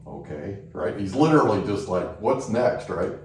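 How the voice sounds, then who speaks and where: Podcast host guy with a low voice, storytelling and saying "right?" all the time, sounds far off in a super echoey room. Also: very animated, normal speed, darkish tone, soft background music. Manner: anecdotal, keeps checking in with "right?". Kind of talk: casual storytelling chat.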